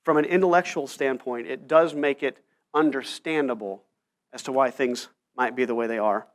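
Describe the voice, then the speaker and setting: A man's voice: medium pitch, normal speed. A man around forty, a pastor preaching a sermon, telling stories and checking in with the room with frequent asides. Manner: storytelling with frequent "right?" asides. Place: church.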